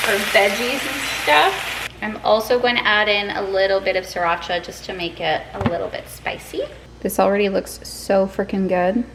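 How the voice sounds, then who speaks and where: A woman's voice: mid-range voice, roomy sound, noisy background. A woman in her twenties from Quebec, chatting casually through a food vlog in her home kitchen, bubbly and self-deprecating. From Quebec, Canada. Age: 20s. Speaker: food vlogger.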